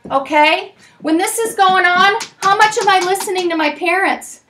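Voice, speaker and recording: A woman in her forties leading a parenting class, telling stories in a lively, chatty way with plenty of fillers. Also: very high-pitched, normal speed, far from the mic, a little hiss or hum.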